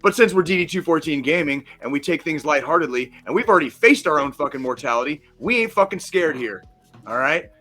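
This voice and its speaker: Brash, profane man with a bright voice. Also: a little high, lively intonation, brisk, soft background music. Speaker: podcast co-host. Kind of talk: casual chat.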